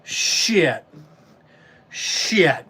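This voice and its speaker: Profane, fed-up man, high voice. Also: big pitch swings, very slow, sharp tone, husky. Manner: profane, exasperated, blunt. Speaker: podcast host, trucking business owner. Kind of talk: casual ranting monologue.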